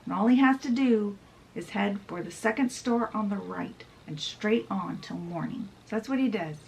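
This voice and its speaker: A woman's voice: medium pitch, moderate pace, gravelly, darkish tone, a little hiss or hum, rough recording. A woman casually summarizing a fantasy novel in a chatty way, often saying "he's like". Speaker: book reviewer.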